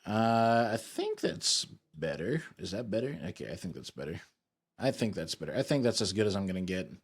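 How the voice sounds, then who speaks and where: A man's voice: lowish voice, sing-song, a little fast, slightly rough. A young man chatting casually to his live-stream audience, goofy and rambling while he fiddles with his setup.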